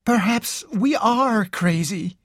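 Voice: mid-range voice, lively intonation, slow pace, no echo, clean studio sound, voice pushed up. Reader voicing a desperate, hopeless young woman. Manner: pleading, hopeless, emotional.

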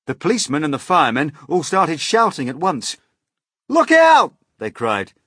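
Male audiobook narrator, husky voice, very lively melody, dry close sound. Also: fairly high pitch, a little fast, no room sound. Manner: expressive, dramatic storytelling. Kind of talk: storybook reading.

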